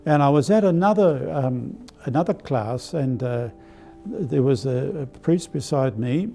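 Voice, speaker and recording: Older Australian man, mellow storytelling voice. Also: medium pitch, animated, a little slow, creaky, slight background noise. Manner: warm anecdotal, hesitant with fillers. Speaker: archbishop. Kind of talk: live-streamed spiritual talk, storytelling.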